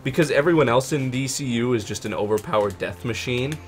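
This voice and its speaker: A young man of middle pitch talks casually over gameplay, trading quick nerdy banter and playful asides. Faint game music sits underneath. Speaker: let's play co-host.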